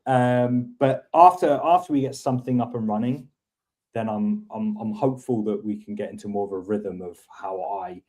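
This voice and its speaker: Rambling man, mellow voice. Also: fairly low pitch. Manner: rambling, restarts often, thinking aloud. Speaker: host teaching coding. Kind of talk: casual screen-share chat.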